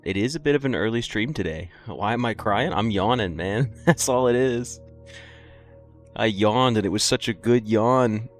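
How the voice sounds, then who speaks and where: With faint music behind him, a young man on the low side of pitch streams a game at a moderate pace. Sleepy and yawning, he chats with viewers in a loose, filler-heavy ramble.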